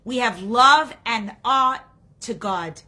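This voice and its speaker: A woman teacher leads a class with earnest, emotional storytelling. Her voice is bright, tense and a little husky, and it sits on the higher side. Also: slow. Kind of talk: storytelling lesson.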